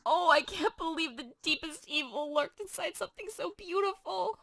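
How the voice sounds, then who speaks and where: A woman's voice: very high voice, expressive, normal speed, fairly bright tone, no room sound, voice pushed up, heavily acted. A woman reading as a passionate, distraught young teenage girl in a dramatic reading for a class. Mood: shocked. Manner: emotional dramatic reading in modern paraphrase.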